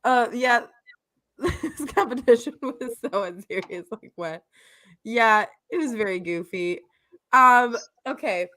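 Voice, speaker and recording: A woman hosting a casual podcast chat, bubbly and quick to laugh. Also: fairly high pitch, expressive, pushed and bright. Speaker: podcast host.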